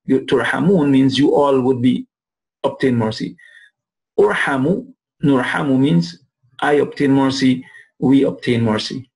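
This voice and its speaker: A man teaching an Arabic and Quran lesson, repeating phrases, asking "right?" and slowly drawing out Arabic words for students to copy. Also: mid-range voice, creaky, darkish tone, low-quality recording. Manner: repeats phrases and asks "right?" to check understanding; drawls Arabic words slowly to model pronunciation. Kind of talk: classroom lesson.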